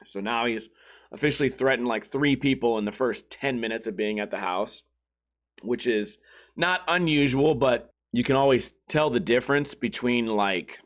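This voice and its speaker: A man's voice: medium pitch, moderate pace. A man hosting his own podcast, telling a long, rambling, profane story in a casual way and acting out the quoted voices. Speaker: podcast host.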